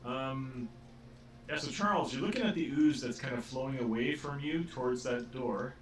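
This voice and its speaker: A man running a tabletop game as game master, narrating in a halting way full of filler sounds. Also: mid-range voice, slight background noise. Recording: roomy, distant from the mic.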